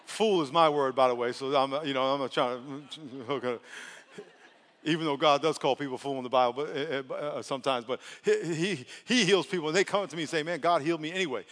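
A male pastor preaching a lively, playful sermon that swings from soft asides to loud outbursts. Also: on the high side, brisk. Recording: long hall reverb.

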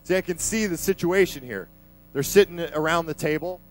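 A man's voice: a little high, normal speed, poor audio. A man preaching a sermon in a conversational, emphatic way, vividly retelling a scripture passage.

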